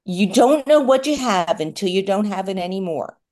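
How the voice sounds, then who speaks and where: Woman, middle-aged, candid personal share, rambling, self-deprecating, tearful at times, medium pitch. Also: expressive, normal speed, a little mellow. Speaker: recovery meeting speaker. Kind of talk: personal share at a support meeting.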